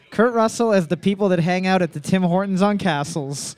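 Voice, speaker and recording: A man's voice: sits high, normal speed, darkish tone. A man hosting a trivia night, joking and swearing through casual banter. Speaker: trivia host. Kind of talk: casual bar trivia hosting over a mic.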